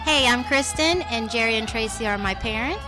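A woman in her thirties from Kentucky, co-hosting a casual chat podcast as a mother, playful and teasing and quick to laugh. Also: a little high, over music.

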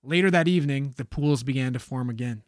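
A man casually retelling a spooky story on a podcast, animated and swearing freely. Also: mid-range voice, fast, dry recording, clean studio sound. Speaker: podcast co-host telling a story.

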